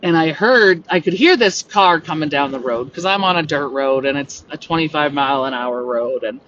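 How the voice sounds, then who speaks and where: A woman tells a story in a loose, rambling way, animated and peppered with "like". Her voice sits a little back from the mic on a dull, lo-fi recording. Faint noise hums underneath. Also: low voice, moderate pace, distant mic. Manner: rambling, animated, heavy use of "like". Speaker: podcast host. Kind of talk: casual storytelling monologue. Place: home on a rural homestead.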